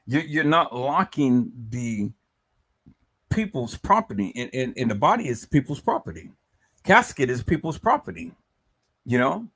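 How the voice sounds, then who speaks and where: A man's voice: medium pitch, big pitch swings, unhurried, a bit bright, slightly rough. A man hosting a livestream, talking emotionally and emphatically, repeating words and stammering as he addresses his viewers as "people". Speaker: live stream host.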